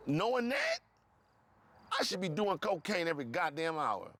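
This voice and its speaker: A man's voice: a little high, sing-song, normal speed, over music. A man from Cleveland telling his story in an interview, profane and acting out the dialogue, repeating words in bursts. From Cleveland, USA.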